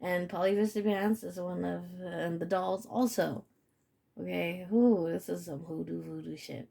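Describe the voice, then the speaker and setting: Woman, casual spiritual reader. Slow, mellow delivery, profane and emphatic, leans on "okay?". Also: lowish voice, vocal fry.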